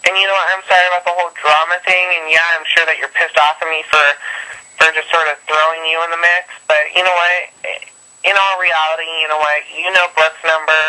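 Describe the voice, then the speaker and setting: A young man rambles through gossip on a phone call, swearing and padding every sentence with fillers. His voice sits a bit high and very bright and sharp, with the thin sound of a phone line.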